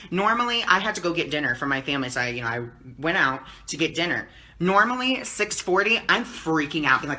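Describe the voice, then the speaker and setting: A man talking calmly and teacherly on a live stream as a spiritual teacher, answering viewer comments and often checking in with "okay?". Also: fairly high pitch, brisk. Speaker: spiritual teacher and card reader.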